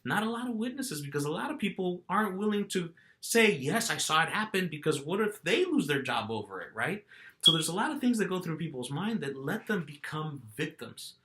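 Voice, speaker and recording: A man's voice: a little high, sing-song, a little fast, sharp tone. A middle-aged man vlogging, telling a story casually and animatedly, acting out quotes and restarting his phrases.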